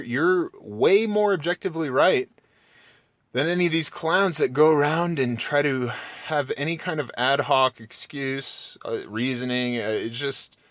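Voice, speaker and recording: A man ranting casually to his viewers, sarcastic and mocking, swearing freely, his voice jumping up when he mimics others. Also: dry recording. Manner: excitable, voice jumps high when mocking. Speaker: channel host.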